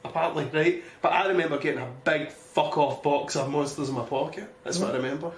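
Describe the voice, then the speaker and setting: A man's voice: fairly high pitch, steady tone, fast talker. A Scottish man co-hosting a podcast, telling sweary anecdotes in casual chat. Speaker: podcast co-host. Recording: roomy echo, faint noise.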